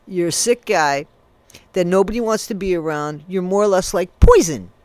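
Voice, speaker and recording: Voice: mid-range voice, normal speed, clear, resonant tone, no room sound. A commentary creator angrily ranting at someone, accusing him directly and spelling out swear words letter by letter. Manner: heated, accusing, addresses the subject directly.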